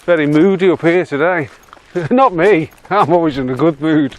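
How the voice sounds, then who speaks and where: A man's voice: a little high, normal speed. A man with a Yorkshire accent chatting casually as he walks across windy open moorland, self-mocking and laughing often. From Yorkshire, England. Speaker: walking guide vlogger. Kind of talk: casual walking commentary.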